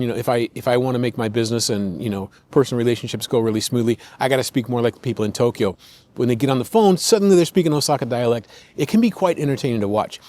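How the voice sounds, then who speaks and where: A man's voice: medium pitch, a little mellow. An American man hosting a podcast, explaining points in a conversational, listing manner and acting out quoted speech. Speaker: podcast host. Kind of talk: explanatory commentary.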